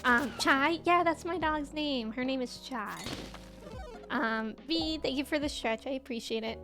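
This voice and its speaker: A woman's voice: high-pitched, a little slow, over music. A young woman in her twenties streaming a game, chatting casually with viewers and laughing often. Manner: chatty, laughs often, reads chat aloud. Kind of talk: casual chat while gaming.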